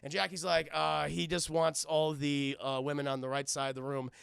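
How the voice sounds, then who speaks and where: Gravelly, bright-voiced male streamer. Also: fairly high pitch, normal speed, no echo, clean studio sound. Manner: profane, animated, acts out quoted lines. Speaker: streamer reviewing a film. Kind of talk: casual movie recap to live chat. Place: home streaming setup.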